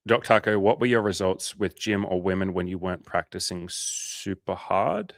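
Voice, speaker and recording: A man's voice: sits low, normal speed, vocal fry, no echo, clean studio sound. A man coaching on a casual livestream, swearing freely and acting out his clients' voices as he answers questions from the chat.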